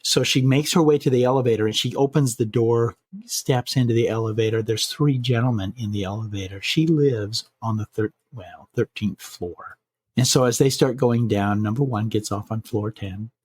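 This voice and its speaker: Husky man telling a spooky story. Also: medium pitch, a little mellow, no room sound. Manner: measured, slowing for suspense, some restarts. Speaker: podcast host telling a scary story. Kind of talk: spooky bedtime story narration.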